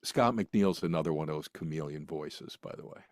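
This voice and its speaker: A man's voice: rumbling low, moderate pace, no room sound, clean studio sound. A man from the United States, a guest actor, telling rambling anecdotes in a casual interview with many restarts.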